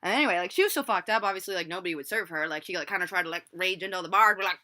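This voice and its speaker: Recorded through a laptop's built-in mic, a young vlogger in her twenties delivers a rambling storytime vlog heavy on profanity and filler words. Her voice sits on the low side, bright and forceful, and comes out rapid-fire.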